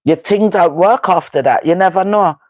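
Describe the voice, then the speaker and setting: A woman's voice: fairly low pitch, moderate pace, a little mellow, no echo. A Jamaican woman vlogging live in casual patois-laced chat, emphatic and full of rhetorical questions.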